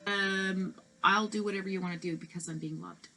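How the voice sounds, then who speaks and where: A woman's voice: medium pitch, fairly even intonation, brisk, sharp tone, rough recording. Chatty woman giving a tarot reading. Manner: chatty, reassuring, many fillers and restarts. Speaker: tarot reader.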